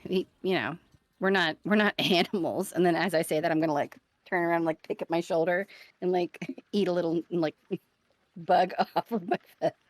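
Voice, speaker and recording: A woman's voice: on the low side, fairly even intonation, normal speed, no echo. A woman playing a tabletop role-playing game, cheerful and playful. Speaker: player.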